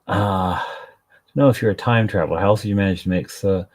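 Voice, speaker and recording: Low husky-voiced man chatting while painting. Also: fast talker. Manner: rambling, self-deprecating, chats to his dog and viewers. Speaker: live-stream miniature painter. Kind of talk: casual live-stream chat.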